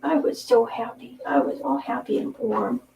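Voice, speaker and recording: A woman giving voice to her sleepy, contented pet cat in a soft, drowsy murmur. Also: a little high, moderate pace, gravelly, a little hiss or hum, rough recording.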